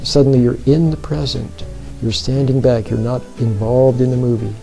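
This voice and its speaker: Dark-voiced man giving calm, repetitive advice. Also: mid-range voice, vocal fry, soft background music, low-quality recording. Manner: repeats points and often checks in with "See?" and "Are you with me?"; slow and deliberate, with restarts. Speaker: self-help speaker. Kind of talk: plain spoken advice talk.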